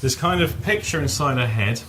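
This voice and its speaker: A male workshop trainer with a mid-range, lively voice talks at a normal speed in a training room before a live group, with background noise audible. He explains ideas conversationally through anecdotes, repeating words whenever he restarts a sentence.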